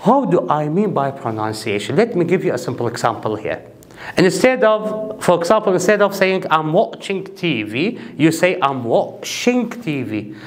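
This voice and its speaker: A man's voice: fairly high pitch, expressive, normal speed. A man giving an English speaking-test tips lesson, explaining step by step with examples and frequent fillers. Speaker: English teacher.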